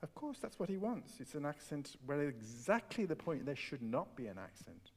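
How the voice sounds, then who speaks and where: A man leading a piano masterclass on a concert hall stage, coaching a student with expressive enthusiasm. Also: a little high, normal speed, slightly rough. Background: piano playing.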